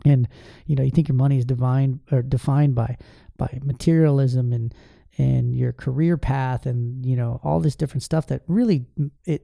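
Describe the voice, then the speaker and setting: A man in his forties, a podcast host, candidly telling an emotional personal story about his family, halting and restarting as he goes. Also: medium pitch, creaky, dark tone, no echo, clean studio sound.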